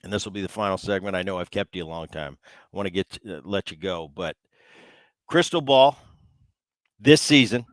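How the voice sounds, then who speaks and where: Low-voiced man hosting a podcast. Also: moderate pace, long pauses, dry recording, rough recording. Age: middle-aged. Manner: relaxed, chatty, trailing restarts. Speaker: podcast host. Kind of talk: casual interview chat.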